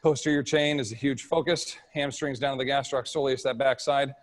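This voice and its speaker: A man's voice: medium pitch, steady tone, brisk, poor audio. A man presenting at a live fitness workshop and answering questions in a casual, practical way.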